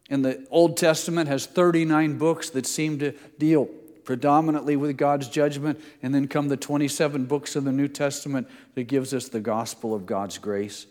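A middle-aged man delivers a sermon from the pulpit in an easy, conversational way, leaning into scripture when he reads it aloud. His voice sits at an ordinary male pitch. The sound carries a long reverb from the large room around him. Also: darkish tone. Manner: conversational preaching, reading scripture aloud with emphasis. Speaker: pastor.

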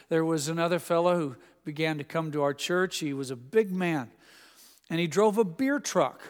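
Male preacher, sermon, storytelling with gentle humor, smooth resonant voice, long church reverb. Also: a little high. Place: church sanctuary.

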